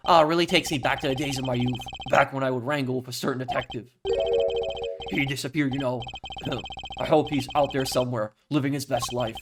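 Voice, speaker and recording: A man voicing an elderly male chairman who is sentimental, sly and condescending, speaking low and wistfully while reading game dialogue aloud. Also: noisy background, close to an everyday voice.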